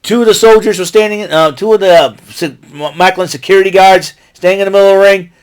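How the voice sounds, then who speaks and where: An American man hosting his own vlog, giving an excitable, rambling recap full of asides and restarts. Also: high voice, fast talker, clear, resonant tone. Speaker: vlog host recapping wrestling.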